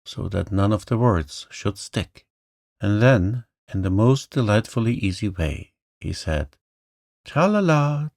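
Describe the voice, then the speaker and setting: A man narrating a bedtime story in a slow, soothing, gentle manner. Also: fairly low pitch, creaky, no echo, studio quality. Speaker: audiobook narrator. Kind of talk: calm bedtime story reading.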